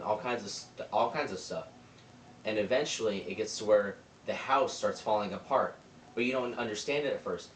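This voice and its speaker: A man's voice: lowish voice, normal speed, slight background noise. Young man recapping a movie plot. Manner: rambling, retells scenes with quoted lines. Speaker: movie reviewer. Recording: roomy, distant mic with faint ambience.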